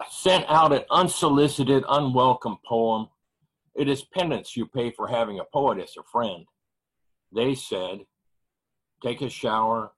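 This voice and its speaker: A man reading his own poetry slowly and heavily at an online open mic, grieving and measured. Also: medium pitch, a bit bright, poor audio. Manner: measured, heavy pauses, grieving. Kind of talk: slow spoken-word poetry reading.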